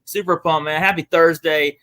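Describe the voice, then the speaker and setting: Upbeat Southern host in his forties, bright and chatty, a touch higher pitched. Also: steady tone, normal speed. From Georgia, US. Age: 40s. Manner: upbeat, repeats "super pumped", chatty. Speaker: livestream host. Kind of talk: casual livestream chat.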